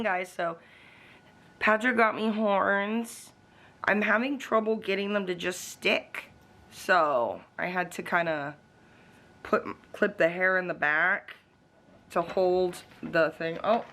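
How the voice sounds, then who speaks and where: A woman's voice: mid-range voice, a little slow, fairly bright tone. A woman vlogging from home in a casual, blunt, profane rant aimed straight at the camera. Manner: talks to the camera.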